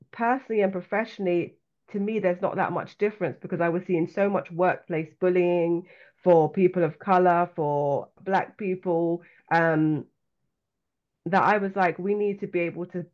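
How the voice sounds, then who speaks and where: A woman with a London accent, an author and coach speaking as a guest in a podcast interview, talking in a reflective, earnest and measured way. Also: fairly low pitch, fairly even intonation. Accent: London English. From London, England. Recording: slightly dull lo-fi sound.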